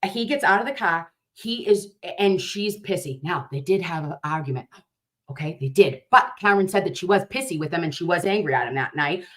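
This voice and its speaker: A woman hosting a casual livestream chat, telling stories in a rambling, profane, animated way. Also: fairly low pitch, a little fast. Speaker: livestream host.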